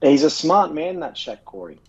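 An Australian man co-hosting a casual footy podcast, telling sweary, animated stories and mimicking his mates. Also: a little high, moderate pace, lo-fi sound, crowd noise. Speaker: podcast co-host.

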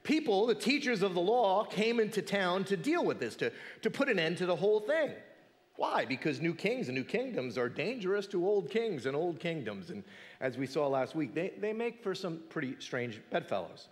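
Animated preacher in a reverberant hall. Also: male voice, sits high, moderate pace. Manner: animated, rhetorical questions, drops to a hush for effect. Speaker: pastor. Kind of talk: sermon.

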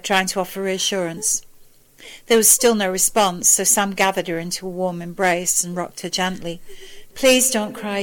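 A woman reading a fan fiction story aloud in a steady, measured narration. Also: medium pitch, rough recording. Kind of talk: audiobook narration.

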